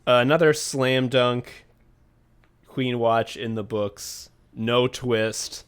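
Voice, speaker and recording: A man's voice: medium pitch, fairly even intonation, very slow, clean tone. Man deadpanning absurd bits on a podcast. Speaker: podcast co-host. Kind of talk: casual comedic chat.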